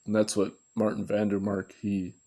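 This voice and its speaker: A man's voice: on the low side, completely flat delivery, normal speed, warm tone. A man giving a rambling, unscripted commentary, thinking aloud and correcting himself as he goes. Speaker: video commentator.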